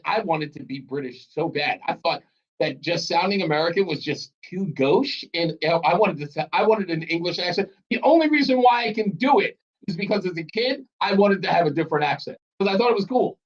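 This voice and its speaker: A middle-aged male talk radio host with a high voice, bantering with callers and laughing often. The broadcast sound is dull and muffled. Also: animated, a little fast. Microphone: studio broadcast mic.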